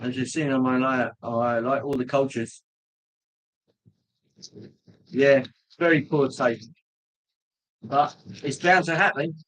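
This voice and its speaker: A man hosting a casual livestream, chatting with viewers in a rambling, jokey way with frequent pauses. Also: medium pitch, steady tone, a bit bright, low-quality recording. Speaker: livestream host.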